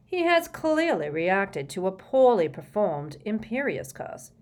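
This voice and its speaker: A woman voicing a cold, brisk male wizard minister who speaks curtly and matter-of-factly. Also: high-pitched, big pitch swings, heavily acted. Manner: curt, cold, matter-of-fact.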